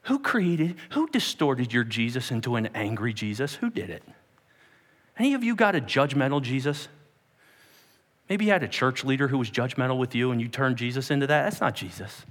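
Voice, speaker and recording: High, lively pastor preaching, bright tone, long hall echo. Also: male voice, normal speed. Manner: animated, acting out scenes with many voices. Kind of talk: sermon.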